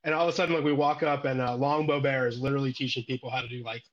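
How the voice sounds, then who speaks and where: A man's voice: medium pitch, fairly even intonation, very fast. A man from Illinois chatting casually as a guest on a stream, telling rambling stories with a frequent giggle. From Illinois, United States. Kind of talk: casual chat. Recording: dull lo-fi audio.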